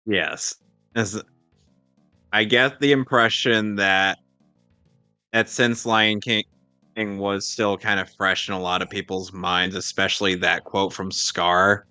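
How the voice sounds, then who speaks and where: A man's voice: lowish voice, steady tone, pushed and bright, clear, resonant tone, no room sound, faint music behind. A man hosting a live game stream, chatting casually and rambling with jokes and restarts. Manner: rambling, joking, halting restarts. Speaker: streamer host. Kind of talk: casual gameplay commentary.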